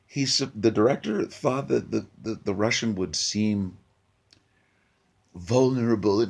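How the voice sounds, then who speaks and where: A man with a very low, husky voice rants casually about a movie, blunt and profane. He stumbles through restarts and keeps coming back to "dude.". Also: normal speed, dark tone. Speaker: movie reviewer. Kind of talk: casual rant.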